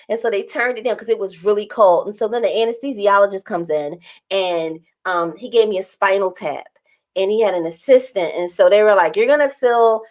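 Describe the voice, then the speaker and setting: A woman's voice: mid-range voice, animated, moderate pace. A young woman vlogging to camera in casual storytelling, acting out quoted lines in a raised voice and laughing often.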